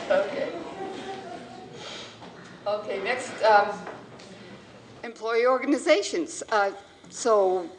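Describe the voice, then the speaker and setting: A woman, the board president, chairing a public meeting in a relaxed, joking way. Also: mid-range voice, very slow, long pauses, slight background noise. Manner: relaxed, joking, laughs easily.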